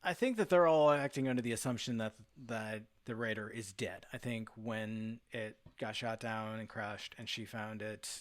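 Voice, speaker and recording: A man's voice: fairly low pitch, moderate pace, few pauses. Rambling man in a casual podcast chat. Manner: rambling, many fillers, swears. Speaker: podcast guest.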